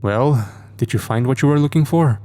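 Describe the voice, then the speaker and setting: A man's voice: mid-range voice, dark tone, voice pushed up, close to an everyday voice. A man voicing an elderly, stern but kindly old man with a German accent. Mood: friendly. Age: older. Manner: stern, measured.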